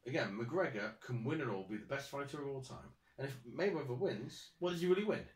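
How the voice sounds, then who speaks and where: A man's voice: mid-range voice, lively intonation, fairly quick. A young man hosting a casual sports podcast, laying out numbered points and raising provocative questions. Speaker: podcast host. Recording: roomy, mic at a distance.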